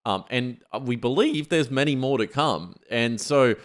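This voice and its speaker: A man co-hosts a casual tech podcast, talking loosely with heavy filler use, especially "like." His mid-range voice has lively intonation and moves at a normal speed.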